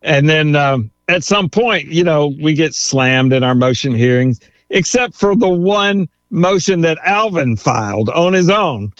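A man, a lawyer and author, telling animated anecdotes in an interview and chuckling as he goes. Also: on the high side, unhurried, no room sound. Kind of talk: storytelling interview. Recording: dull, dry sound.

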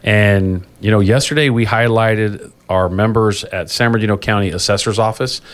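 Male union podcast host, low-pitched, loose and rambling delivery, quick to laugh. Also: steady tone. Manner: rambling, self-correcting, laughs easily. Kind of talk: casual podcast chat.

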